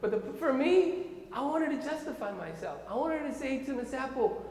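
Male preacher, Korean accent, lively storyteller who checks in with the crowd; recorded in a reverberant hall. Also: very high voice, moderate pace. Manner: animated storyteller, often checks in with "okay?" and "right?". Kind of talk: sermon storytelling. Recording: echoey hall with long reverb.

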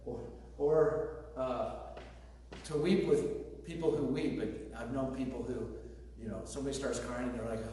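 A pastor delivering a conversational sermon with joking asides, speaking to a congregation. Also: male voice, medium pitch, steady tone, unhurried, long pauses, mellow. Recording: very echoey hall, distant mic, faint noise.

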